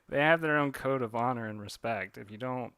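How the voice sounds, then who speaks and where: Rambling man with a bright, dry voice. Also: medium pitch, normal speed, no echo. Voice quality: rambling, with lots of fillers and self-corrections. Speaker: comic artist streaming his drawing work. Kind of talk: casual livestream chat.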